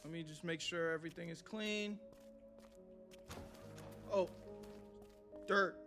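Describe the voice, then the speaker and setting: A man's voice: fairly high pitch, fairly even intonation, slow pace, gravelly, over music. A young man streaming a game live, swearing and talking nervously to his chat as he plays. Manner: jittery, swearing, talks to chat. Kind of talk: live gameplay commentary.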